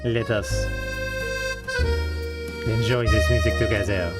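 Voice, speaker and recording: A man's voice: on the low side, fairly even intonation, takes it slowly, voice pushed down. A man streamer putting on a French accent, playing a grandiose, mock-formal Frenchman. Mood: theatrical. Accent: put-on French. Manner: theatrical, grandiose phrasing. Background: loud music.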